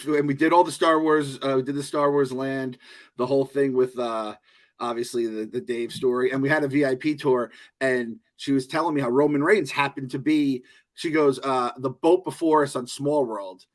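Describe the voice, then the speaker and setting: A mid-pitched man co-hosting a podcast, swearing freely and looping through long stories. His talk is casual and scattered. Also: moderate pace. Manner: rambling, profane storytelling. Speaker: podcast co-host.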